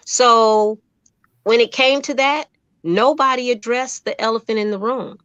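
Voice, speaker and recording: A woman's voice: a little high, a little slow, clear, resonant tone, no echo, dull audio. A middle-aged woman, a guest in an interview, telling her story in a heartfelt, emphatic way and acting out the voices of the people in it. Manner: animated storyteller who acts out quoted dialogue.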